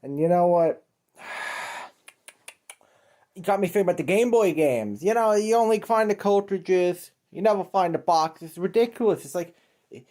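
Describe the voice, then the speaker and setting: In a high voice with a dark tone, a male video creator rants to the camera for comedic effect, swearing often. His exasperated, rambling delivery keeps stopping and starting over.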